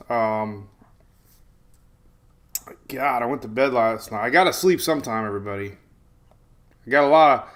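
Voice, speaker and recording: Man in his forties, everyday mid pitch, chatty live-stream host who rambles and greets viewers by name. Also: a bit bright. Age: 40s. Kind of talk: casual live-stream chat. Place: home in Florida.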